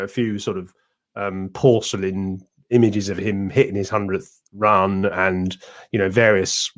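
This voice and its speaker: Rambling male cricket podcast host. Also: fairly low pitch. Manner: rambling, with many restarts and asides. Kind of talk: casual anecdotal chat.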